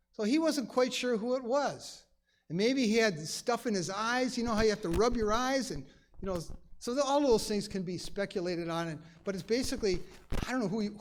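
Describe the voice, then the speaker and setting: A man's voice: high voice, slight background noise. A man teaching a conversational Bible study in a church, emphatic and chatty, full of asides. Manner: emphatic, acts out quoted lines; chatty, many "you know" asides.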